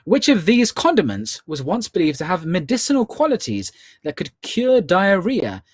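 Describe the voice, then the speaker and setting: A man hosting a live online charity quiz, reading questions slowly and slipping in joking asides. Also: high voice, wildly swooping pitch, no echo. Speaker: quiz host. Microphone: earbud headset.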